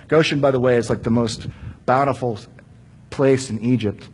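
A man's voice: mid-range voice, moderate pace, darkish tone, a little hiss or hum. A man preaching, retelling a Bible story conversationally and asking the listeners questions. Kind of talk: storytelling sermon.

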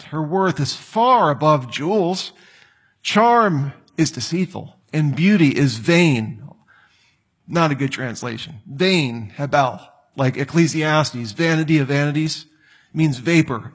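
A man's voice: a little high, slightly rough. A man preaching a sermon, reading scripture and breaking into joking asides. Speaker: pastor.

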